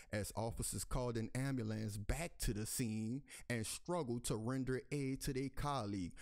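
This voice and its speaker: A man's voice: gravelly, a little mellow. A man reads a news article aloud and keeps stopping to rant at his audience in heated, profane bursts. His voice sits in an ordinary middle register but leaps sharply upward whenever he gets outraged. He calls out to his listeners as y'all over and over. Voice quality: pitch jumps high when outraged. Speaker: commentary channel host. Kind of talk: angry commentary reading a news article aloud.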